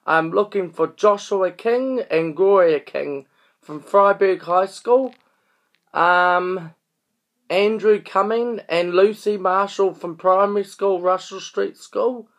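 A man's voice: high-pitched, takes it slowly. A man, upset and pleading in a personal video appeal. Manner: distressed, pleading.

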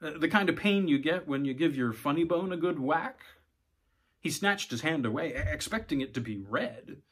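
A man's voice: a little high, expressive, moderate pace, a bit bright, breathy edge. Man reading a short story aloud. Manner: occasional small stumbles and repeated words. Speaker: narrator. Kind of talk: audiobook-style story reading.

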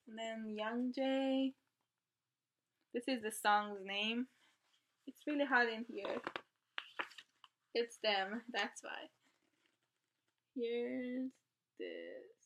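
A woman vlogging an album unboxing, gasping and gushing with excitement as she talks her way through it. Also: fairly high pitch, slight background noise. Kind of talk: casual unboxing chat.

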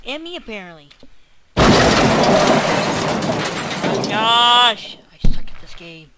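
A teenage boy commentating his game, quick to groan and yell when things go wrong. He talks at an unhurried, drawn-out pace. Loud noise hangs under the whole recording. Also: very high voice, very animated. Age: teens. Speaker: gamer. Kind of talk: let's-play commentary.

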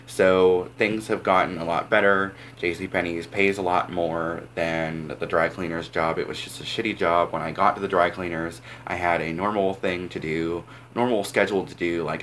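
A young man with a very low voice tells a long personal story straight to camera. He wanders and restarts, leaning on "like" and "um", with a faint hum of room noise underneath. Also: steady tone, moderate pace, fairly bright tone. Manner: rambling, filler-heavy, says "like" a lot. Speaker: vlogger. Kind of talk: casual storytelling vlog.

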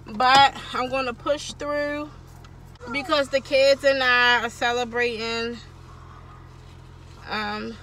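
A woman's voice: high voice, steady tone, slow, pauses often. A young woman, chatting casually to viewers in a vlog while sick and short of breath. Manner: chatty, addresses viewers as y'all. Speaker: vlogger. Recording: loud road noise in a car.

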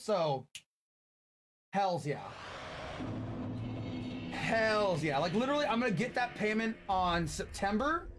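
Streamer, male, late 20s: high, bouncy voice, swears a lot, game music under it. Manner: excitable and profane, swinging between loud outbursts and soft thanks. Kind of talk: casual live-stream chat while gaming.

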